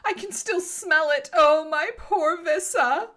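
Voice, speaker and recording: A woman's voice: extremely high pitch, takes it slowly, sharp tone, pitched above the performer's own voice, heavily acted. A woman voicing a pampered young noblewoman who plays things up melodramatically. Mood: dramatic. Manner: melodramatic, self-important.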